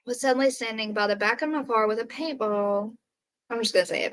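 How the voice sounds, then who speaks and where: A woman's voice: medium pitch, a little fast, a bit bright. A woman hosting a casual livestream, chatting to viewers, reading out their comments and exclaiming at what they send. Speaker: livestream host.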